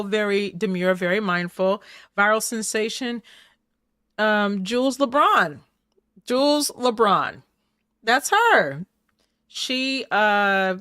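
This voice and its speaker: A woman's voice: a little high, fairly bright tone, dry recording, clean studio sound. A woman hosting a casual recap show, chatty and playful, laughing often as she talks. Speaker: host.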